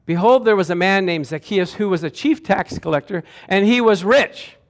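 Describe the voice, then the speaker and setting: A man preaching a sermon to a congregation, animated and calling out to them for answers. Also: high voice, moderate pace. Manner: animated, calls out to the congregation for responses. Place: church sanctuary with a congregation.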